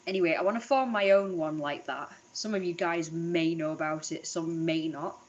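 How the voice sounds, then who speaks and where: A woman's voice: lowish voice, fairly even intonation, moderate pace, highs cut off. A young woman vlogging at home in a rambling, casual way, swearing freely and laughing often. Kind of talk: casual chat to camera.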